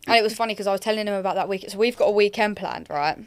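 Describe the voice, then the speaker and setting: A woman's voice: mid-range voice, very fast, clear, resonant tone. A young woman from England co-hosting a podcast, telling rambling stories in a casual chat. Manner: chatty, rambling storyteller. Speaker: podcast co-host.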